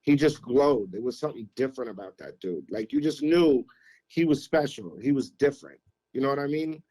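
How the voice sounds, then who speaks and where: A middle-aged man, a former radio programmer, telling anecdotes on a podcast in an animated, casual way. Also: medium pitch, fairly quick, rough recording. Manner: animated anecdote-telling, acts out quotes, keeps saying "you know what I mean". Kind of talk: casual storytelling.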